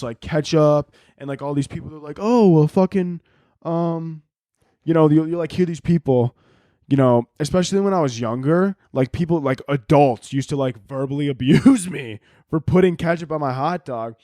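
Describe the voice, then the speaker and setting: A man's voice: on the high side, normal speed, dark tone, dry recording, clean studio sound. Crude, rambling young man podcasting. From Chicago area, United States. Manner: crude, joking, rambling with many fillers. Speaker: podcast host. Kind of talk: casual solo podcast rant.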